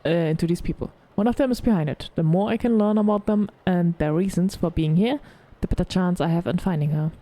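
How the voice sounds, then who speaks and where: Mellow-voiced woman reading a mystery game. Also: on the low side, a little fast, few pauses. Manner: casual, stumbles and restarts words. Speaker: game streamer.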